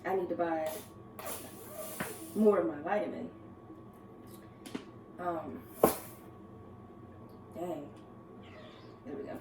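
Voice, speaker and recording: A woman with a lowish voice speaks slowly, leaving long pauses, over heavy background noise. She's a vlogger doing a casual get-ready-with-me chat at home, first in the kitchen and then upstairs, laughing often and calling her viewers "girl".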